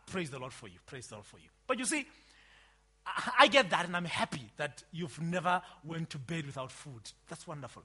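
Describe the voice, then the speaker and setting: A man preaching a sermon, emphatic, swinging between loud outbursts and quiet asides. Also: a little high, sing-song, fairly quick.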